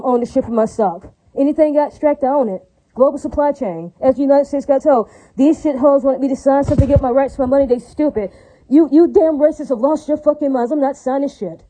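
Woman ranting super fast, high voice, dark mellow tone, lots of swearing and repeating. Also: low-quality recording. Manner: fast, repetitive, profane and indignant, with religious praise. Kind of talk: unscripted rant.

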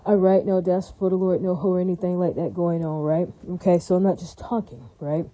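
A man's voice: sits high, steady tone, brisk, mellow, low-quality recording. A man delivering a repetitive, profane, insistent ranting monologue as a vlogger.

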